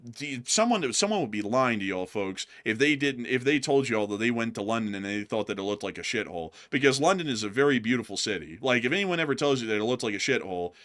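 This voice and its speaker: A man's voice: mid-range voice, expressive, fast talker, hardly any pauses, a bit bright. A man from the United States co-hosting a livestream, chatting in a rambling, emphatic way. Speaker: news channel co-host. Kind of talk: casual livestream chat.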